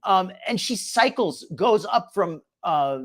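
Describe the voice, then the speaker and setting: A man's voice: high voice, animated, takes it slowly, fairly bright tone. A man hosting a commentary show, talking casually and rambling, often repeating his words.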